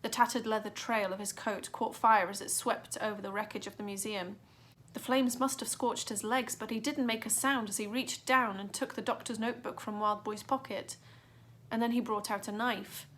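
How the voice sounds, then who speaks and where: A woman's voice: mid-range voice, steady tone, moderate pace, a bit bright. A woman reading a children's adventure book aloud with dramatic expression. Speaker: narrator. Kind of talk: storybook reading.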